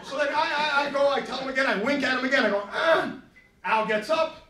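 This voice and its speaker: A man doing stand-up, telling an animated story and acting out the scenes in a New York comedy club. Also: very high voice. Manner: animated, quick asides, acts out scenes. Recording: echoey room, mic far off. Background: audience laughter.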